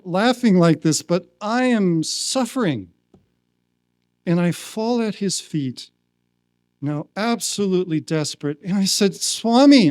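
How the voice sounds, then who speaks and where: Guy giving a retreat talk, slow and mellow, acts out the quotes, dry sound. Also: high-pitched, no echo. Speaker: retreat speaker. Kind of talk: storytelling talk. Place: retreat hall.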